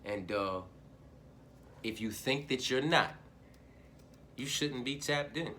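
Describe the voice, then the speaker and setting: Profane, bright-voiced man ranting about picks. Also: mid-range voice, slow, a little hiss or hum. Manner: profane, rambling and fired up, full of slang fillers. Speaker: host of an MMA betting picks channel. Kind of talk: casual solo picks monologue.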